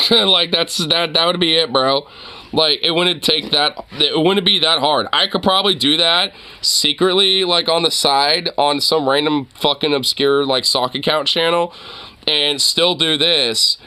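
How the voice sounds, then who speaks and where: A man's voice: fairly high pitch, unhurried, sharp tone, clear, resonant tone. A man hosting his own channel, rambling through a casual, profane commentary rant and laughing often. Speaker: channel host.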